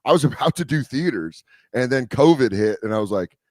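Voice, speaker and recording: A man's voice: medium pitch, fairly quick, dry recording. A man chatting on a studio mic in a dry, close sound, spinning stories with lots of energy. He swears casually and jumps into quoted voices as he goes, an easygoing comedian on a talk show. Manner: animated storyteller who acts out quoted voices, swears freely. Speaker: comedian guest. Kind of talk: casual storytelling chat.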